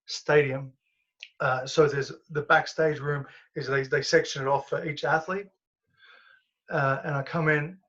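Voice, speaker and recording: A man, a guest and former professional fighter, telling stories in a casual, animated way, laughing and swearing as he goes. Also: on the high side, lo-fi sound. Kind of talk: casual storytelling.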